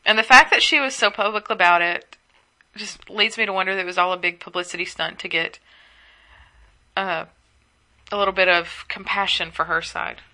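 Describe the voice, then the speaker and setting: A woman's voice: medium pitch, fairly even intonation, moderate pace, sharp tone. Chatty, gossipy young woman rambling at home. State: sleepy, yawning. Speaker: podcast host. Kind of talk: casual solo chat.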